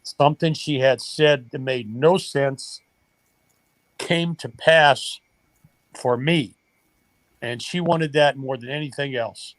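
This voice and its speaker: An older man, once a baseball coach, speaks in a mid-range voice, slowly and with long pauses, on a recording with no room sound. As a podcast guest, he earnestly and emotionally tells a family story, quoting dialogue.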